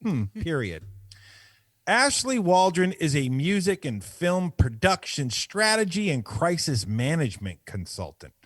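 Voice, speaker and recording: A man's voice: medium pitch, no echo. A man co-hosting a movie podcast, chatting casually and reading a prepared bit in a mock-formal tone on a close mic. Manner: mock-formal delivery when reading his segment. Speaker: podcast co-host.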